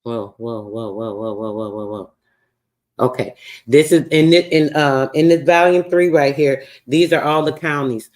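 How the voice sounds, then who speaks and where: At a normal speed, a man hosting a casual livestream reads through old records in a regular mid-range voice. He curses freely and talks loosely, keeping a relaxed tone that still lets his frustration through.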